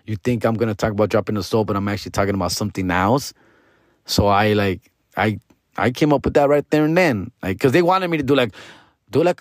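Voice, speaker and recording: A man in a podcast's host seat spins a loose, rambling comic tale, peppering it with "dog" and "fool." His voice sits at a middle pitch and sounds dry and close, with no room around it. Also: no echo. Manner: slangy, rambling, calls the listener dog and fool. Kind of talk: comedic storytelling.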